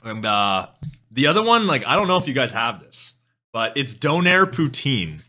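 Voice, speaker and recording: A man's voice: medium pitch, big pitch swings, normal speed, pushed and bright. A young man from western Canada with a Canadian accent, chatting casually and rambling to his live-stream chat. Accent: Canadian English. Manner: rambling, loses train of thought, swears casually. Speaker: music streamer.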